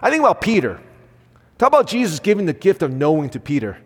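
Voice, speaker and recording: Earnest male pastor, higher-pitched voice, preaching with lively swings in loudness, long hall reverb. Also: fast talker. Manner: earnest, swings between loud emphasis and soft acted quotes. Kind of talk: sermon.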